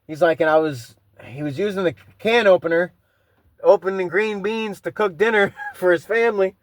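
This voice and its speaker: A man's voice: high-pitched, normal speed, dry recording. A man hosting a podcast, telling rambling, profane stories in a casual monologue full of restarts. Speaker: podcast host.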